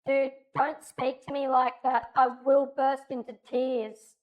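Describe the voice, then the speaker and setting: A man co-hosting a podcast, talking through a voice-changer filter that turns his voice into a high, girlish one while he jokes about it. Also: level tone, unhurried, highs cut off. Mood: amused. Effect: female voice-changer filter. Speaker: podcast co-host. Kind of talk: joking casual chat.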